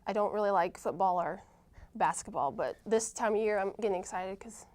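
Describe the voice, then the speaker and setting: A young woman of college age talks through her answers in a plain, mid-pitched voice. She hesitates often, filling gaps with ums and restarting her sentences. It sounds like a relaxed, casual interview. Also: a little fast. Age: young adult. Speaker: college softball player, guest.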